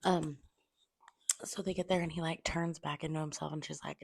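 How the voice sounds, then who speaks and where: A woman's voice: sits low, fairly even intonation, creaky, slightly rough. A young woman casually recapping a fantasy novel for her book channel, blunt and profane, sometimes dropping to a near-whisper. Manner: blunt, swears freely, acts out characters in quick asides; drops to a near-whisper at times to keep quiet. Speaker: book reviewer. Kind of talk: casual spoilery book review chat. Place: home room at a table.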